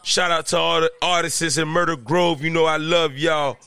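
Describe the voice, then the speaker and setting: A man's voice: a little high, flat delivery, normal speed, gravelly, pushed and bright, clear, resonant tone, no echo. A man hosting a casual podcast from a room at home, ranting in an agitated, repetitive way and raising his voice at times. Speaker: podcast host.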